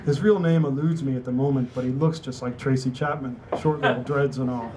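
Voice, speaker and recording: A man's voice: mid-range voice, fairly even intonation, fairly quick, hardly any pauses, a little mellow, slight background noise, rough recording. A man, an author, reading his novel aloud in a wry, conversational storytelling manner at a book party. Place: indoor venue at a book party.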